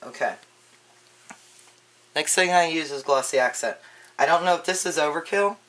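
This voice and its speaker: A woman giving a casual crafting tutorial, chatty and relaxed, with frequent ums and restarts. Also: sits low, normal speed.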